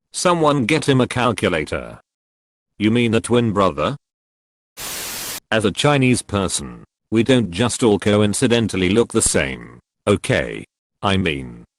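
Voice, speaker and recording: A man reads online posts aloud in a fairly low voice. His pitch rises and falls a lot as he moves from one post to the next. The sound is close and dry, with no room around it. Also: no room sound. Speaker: narrator of forum posts. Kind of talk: scripted narration of online posts.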